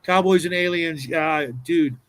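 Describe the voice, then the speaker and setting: A man's voice: on the high side, a little slow, fairly bright tone, rough recording. A man in casual chat about tabletop games, rambling and restarting his sentences often. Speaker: podcast panelist.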